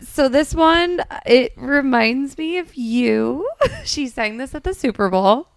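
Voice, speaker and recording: A woman's voice: high-pitched, very animated, slow pace, vocal fry, a little hiss or hum. A young woman hosting a podcast in casual chat, giggly and playfully teasing. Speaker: podcast host.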